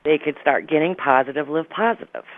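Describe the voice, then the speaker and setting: Middle-aged woman telling a lively story. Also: low-pitched, brisk, phone-quality sound. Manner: lively, dramatic retelling with laughs. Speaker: psychic medium guest. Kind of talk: animated personal storytelling.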